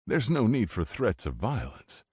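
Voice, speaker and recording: A man voicing a nervous, pompous rich husband who keeps trying to smooth things over, in an audiobook. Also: fairly low pitch, very animated, measured pace, darkish tone, dry recording, clean studio sound, voice pushed up, heavily acted. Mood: nervous placating. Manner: placating, flustered.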